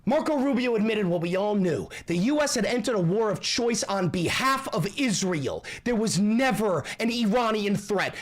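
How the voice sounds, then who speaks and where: Furious ranting man, lively pitch. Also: normal speed, few pauses. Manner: furious, swearing, shouting bursts. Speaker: streamer reacting to news clips. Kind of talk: angry political rant stream.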